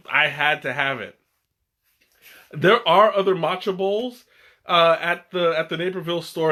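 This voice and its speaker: Excitable young man rambling about tea. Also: a little high. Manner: rambling, many restarts and fillers; excitable, laughs often. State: has the hiccups. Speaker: tea stream host. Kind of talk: casual live-stream chat.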